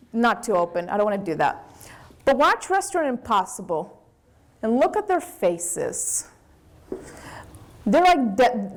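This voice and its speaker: A woman with a Brazilian accent, a business owner giving a candid, animated lecture to students. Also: high voice. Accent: Brazilian Portuguese. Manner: animated, candid storytelling with acted quotes.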